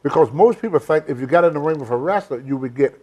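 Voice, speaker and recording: A man's voice: on the high side, animated, fast talker, a little mellow. An older man hosting a casual interview, telling blunt, rambling stories in a folksy way. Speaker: host. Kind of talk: casual storytelling chat.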